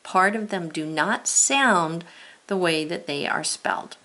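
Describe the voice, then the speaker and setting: A woman teacher leading a spelling lesson, sounding out letters and words step by step and gently talking the viewer through each task. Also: fairly low pitch, lively intonation, a little slow.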